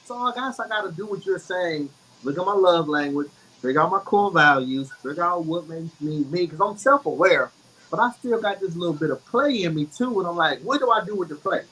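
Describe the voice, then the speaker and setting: A co-host with a high, expressive, bright voice speaks a little fast, forcefully and with a breathy edge, over poor audio. In a casual conversation about emotions, he reflects openly and candidly on his own journey.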